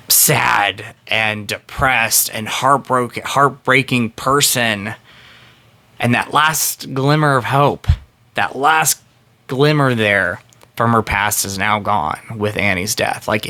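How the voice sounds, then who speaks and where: Unhurried male film reviewer, thirties, bright, clear voice, earnest and rambling. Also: medium pitch. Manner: rambling with many fillers and restarts; earnest and emotionally invested. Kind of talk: casual spoken film review.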